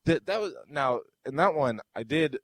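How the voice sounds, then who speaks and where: A young man co-hosting a podcast, telling a story in casual chat and acting out the quotes with loud, rising outbursts. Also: a little high, expressive, moderate pace, no echo, low-quality recording. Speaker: podcast co-host.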